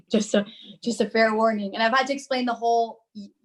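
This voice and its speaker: A woman's voice: on the high side, a little fast. A woman in her twenties from Miami, a podcast guest telling stories in casual chat and acting out her own lines. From Miami, United States. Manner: animated storyteller, acts out her own lines.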